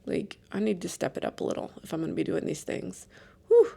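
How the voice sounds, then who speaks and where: A woman in her late thirties, hosting a podcast and telling stories in a chatty, animated, self-deprecating way. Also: lowish voice, fairly quick, creaky, breathy edge. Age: late 30s. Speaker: podcast host. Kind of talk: casual storytelling chat.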